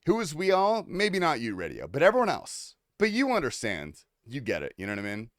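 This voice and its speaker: A man's voice: a little high, huge pitch swings, a little fast, dry recording, clean studio sound. A man streaming a game, joking with chat in a loose, profane, laughing ramble. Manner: joking, rambling, swears often, laughs a lot. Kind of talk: casual livestream chat.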